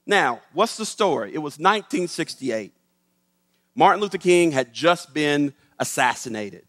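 A middle-aged man, a professor, telling a story to an audience in an animated way and acting out the voices. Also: on the high side, unhurried. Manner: animated, acts out the voices in his stories. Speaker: professor giving a talk. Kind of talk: storytelling public talk. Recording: long hall reverb.

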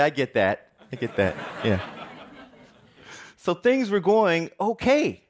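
A middle-aged man giving a personal storytelling speech, humorous and self-mocking. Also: mid-range voice. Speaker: TV reporter giving a talk.

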